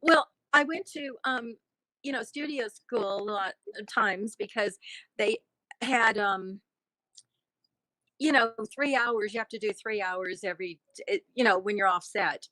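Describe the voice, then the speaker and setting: A woman's voice: mid-range voice, unhurried, sharp tone, no echo. A middle-aged woman, an actress being interviewed, chatting casually and laughing often. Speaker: actress and guest.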